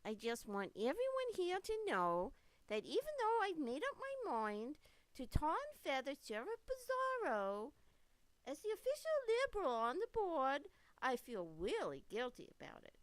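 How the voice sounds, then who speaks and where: Woman doing a fretful guilty liberal councilwoman, high voice swinging all over, dry sound. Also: wildly swooping pitch, moderate pace, no room sound. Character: guilt-ridden self-styled liberal female supervisor. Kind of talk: satirical cartoon dialogue.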